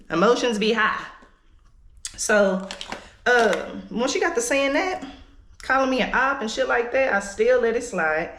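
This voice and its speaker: A vlogger in her late 20s sits at home doing her makeup while heatedly venting a candid, profane story to the camera. Her voice is mid-range and a bit bright, recorded in an echoey room.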